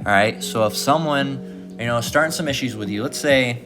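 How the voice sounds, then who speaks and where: A Bible teacher gives a casual sermon from scripture, speaking informally and repetitively and constantly asking "okay?" and "all right?". His voice is medium-pitched at a normal speed, with music underneath.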